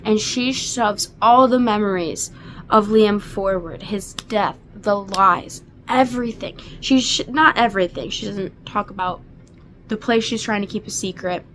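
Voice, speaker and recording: Casting a woman in her twenties for a casual book recap: slow, gushing, emotional. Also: medium pitch, fairly bright tone, a little hiss or hum. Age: 20s. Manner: gushing and emotional, many fillers. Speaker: book reviewer.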